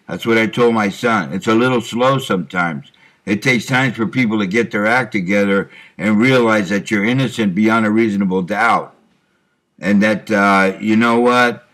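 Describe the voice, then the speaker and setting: A middle-aged truck driver rambles to himself in a monologue captured on his computer microphone. His voice sits on the low side with a fairly bright tone, and he uses plenty of fillers and keeps clearing his throat.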